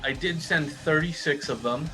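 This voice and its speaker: A man with a somewhat high, bright voice doing improv comedy as an earnest customer. He stammers and restarts his sentences, sounding hesitant but sincere. Faint music plays behind him. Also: normal speed, low-quality recording. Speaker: improv performer playing a tattoo customer.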